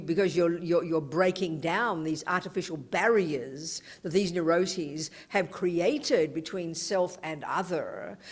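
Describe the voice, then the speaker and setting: A woman teaching Buddhism to an audience, talking in an emphatic, conversational way and often adding "you know". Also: on the low side. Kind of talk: dharma talk to an audience. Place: teaching hall.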